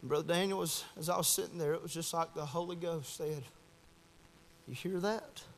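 A young man preaching an impassioned sermon at a church service, swinging from shouts to hushed tones. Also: a little high, steady tone, fast, creaky, in a large hall, slight background noise. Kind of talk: fiery sermon. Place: church at a Wednesday night service.

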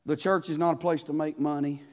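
A man's voice: fairly high pitch, level tone, brisk. A man, preaching a sermon as pastor, building fervor and asking the congregation questions. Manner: preaching with rising fervor and call-and-response questions.

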